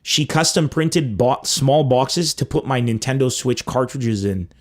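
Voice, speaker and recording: A young man hosting a comedy podcast, telling stories in a loose, animated way and swearing freely. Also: mid-range voice, unhurried. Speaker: podcast host. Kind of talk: casual comedic monologue.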